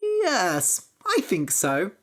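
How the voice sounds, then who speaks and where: A woman's voice: medium pitch, wildly swooping pitch, drawn-out words, a bit bright, full character voice. A woman voicing a clever young man who tricks everyone, sly and matter-of-fact.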